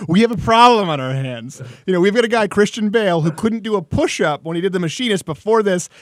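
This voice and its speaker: A man's voice: sits high, fairly bright tone, dry recording, clean studio sound. A man hosting a talk show, telling stories animatedly and laughing often in casual chat.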